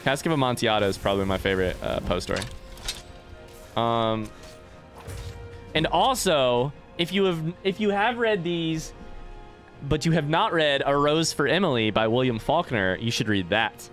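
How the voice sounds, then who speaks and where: A man's voice: medium pitch, lively intonation, moderate pace, a bit bright, faint music behind. Joking, rambling young man streaming games. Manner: rambling, joking and swearing, chatting to viewers. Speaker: let's play streamer. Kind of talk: live gameplay commentary.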